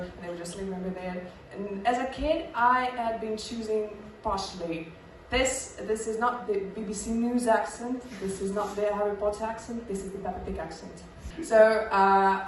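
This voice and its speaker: A young Russian-born woman with a British accent works through a stand-up set, chatty and self-mocking, with lots of little fillers. Her voice sits at a middling pitch. It rings around an echoey club, caught from a distance. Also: slight background noise. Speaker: stand-up comedian.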